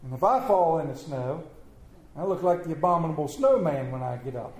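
A high-voiced man preaches in a church hall, and the room's echo hangs on his words. He reads scripture slowly and with weight, then jokes and trades questions with the congregation. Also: expressive, darkish tone. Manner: slow emphatic scripture reading, then joking banter with the congregation. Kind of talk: sermon with scripture reading and audience questions. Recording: echoey room.

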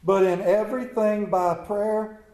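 High-voiced man preaching in an echoey room. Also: unhurried. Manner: animated, comic storytelling. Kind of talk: sermon storytelling.

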